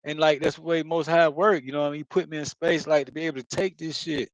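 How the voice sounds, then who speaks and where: A man's voice: a little high, level tone, fast talker, no room sound, low-quality recording. A man talking in a loose, rambling monologue, swearing often and circling back with lots of filler phrases. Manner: repeats himself, circles back. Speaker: spiritual video host.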